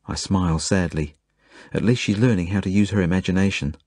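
A man reading his own novel aloud as a first-person audiobook, earnest and measured. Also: low voice, no room sound, studio quality. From Australia. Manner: earnest, measured, gentle storytelling.

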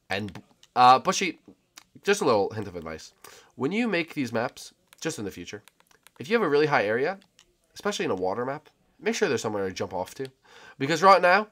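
A man talking through a game for his channel in a jokey, excitable way, his pitch jumping all over the place. His voice is bright and forward, and now and then he breaks into loud exclaiming cries. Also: fairly quick, pauses often. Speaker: gaming YouTuber. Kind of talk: casual gameplay commentary.

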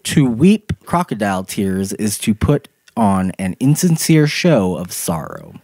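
A man co-hosting a relaxed podcast chat, reading out the meanings of idioms and laughing often. His pitch swings widely as he talks. The sound is close and dry, with no room echo. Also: measured pace, creaky. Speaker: podcast co-host. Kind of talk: casual chat.

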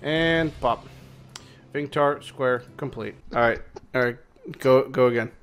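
A man streaming a video game who comments excitedly and swears at rare loot. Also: mid-range voice, takes it slowly, a little hiss or hum. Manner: excitable, swears often, shouts in surprise. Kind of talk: gameplay commentary.

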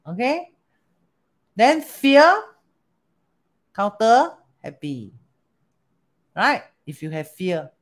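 A woman with a Singaporean accent teaching a lesson, animated, often asking rhetorical questions and switching languages. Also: on the low side, takes it slowly, long pauses. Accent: Singaporean English. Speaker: teacher of Chinese metaphysics. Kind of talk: storytelling lesson.

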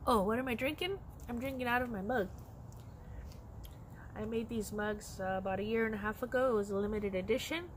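A woman's voice: fairly high pitch, a little fast. A middle-aged woman chatting candidly in a personal crochet vlog, laughing often. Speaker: crochet vlogger. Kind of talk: casual personal vlog chat. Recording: noisy background.

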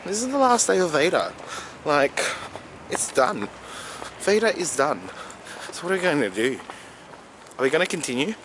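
A young man, chatting in a casual vlog in an excitable, gushing way. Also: fairly high pitch, normal speed, pauses often. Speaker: vlogger. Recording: noisy background.

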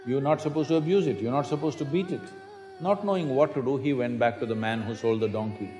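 A man from India in his 60s, a spiritual teacher, gives a public talk to an audience in a reverberant lecture hall. He's emphatic and fond of rhetorical questions and dry humor, speaking fast in a mellow, mid-range voice.

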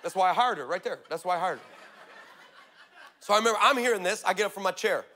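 A male pastor preaching a sermon, energetic and humorous, telling stories and building to shouts. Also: high voice, quick pace, a little hiss or hum. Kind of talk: sermon with storytelling.

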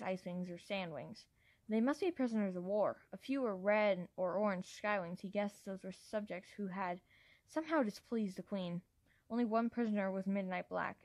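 A woman's voice: mid-range voice, darkish tone, no echo. A woman reads a fantasy novel aloud as a fan narrator, plainly and with the odd stumble. The recording is dry and close, with no room sound. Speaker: fan reader.

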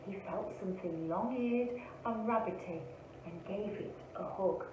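A woman, an early years teacher, reading a picture book aloud to children in a slow, expressive storytelling way. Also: mid-range voice, background noise. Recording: echoey, phone-like, from a distance.

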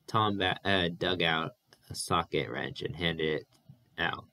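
A man's voice: low voice, slow, vocal fry, pushed and bright. A man reading a novel aloud as narrator, with occasional restarts and fillers. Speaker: audiobook reader.

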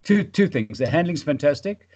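A man from South Africa, a paragliding pilot and podcast guest, chatting casually and trailing off into quiet fragments. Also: on the high side, animated, normal speed, dull audio.

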